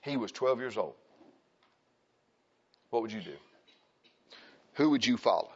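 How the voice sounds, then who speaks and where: A man of middle pitch delivers a conversational sermon to a congregation in a church, reading scripture aloud and repeating key phrases for emphasis. The recording is slightly muffled and dull. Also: lively intonation, normal speed, pauses often, breathy edge. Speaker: preacher.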